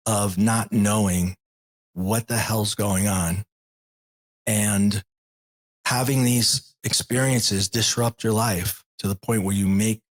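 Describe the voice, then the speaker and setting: A man in his forties, a podcast guest, candidly retelling a personal story with lots of quoted dialogue in a husky voice. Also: fairly low pitch. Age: 40s. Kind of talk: storytelling in an interview.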